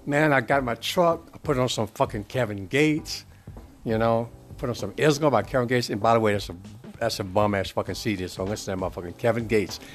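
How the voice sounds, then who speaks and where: A man's voice: mid-range voice, brisk, soft background music. A middle-aged man giving a casual, profane rant as a podcast host, swearing constantly and getting worked up. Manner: swears constantly, ranting and animated.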